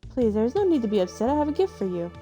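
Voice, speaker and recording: A woman voicing a gentle, mournful female spirit in a mirror, speaking slowly and mysteriously in a husky alto. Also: a little high, very animated, faint music behind.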